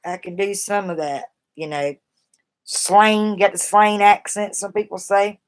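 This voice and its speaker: A woman's voice: medium pitch, fairly even intonation, a little slow. A woman from the East Coast with a Southern accent, chatting casually and rambling on a live stream as she gives advice to her viewers.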